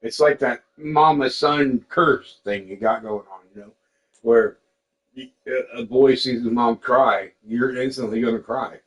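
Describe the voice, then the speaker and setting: A young man talks in a loose, candid way, swearing freely as he tells stories. He jumps into lively voices to act out what others said to him. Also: medium pitch, a little slow, poor audio. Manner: candid and profane, quotes people in lively voices. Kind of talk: casual storytelling chat.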